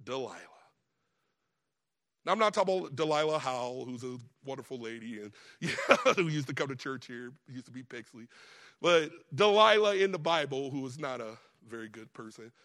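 A man preaching a sermon as the pastor, telling a Bible story in a casual, lively way, laughing often and acting out the characters. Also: medium pitch, moderate pace.

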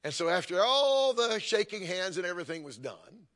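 An older man preaching a sermon, telling stories and building to emphatic, forceful points. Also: high-pitched, sing-song, normal speed. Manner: storytelling preacher, rising to emphatic calls. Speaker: pastor.

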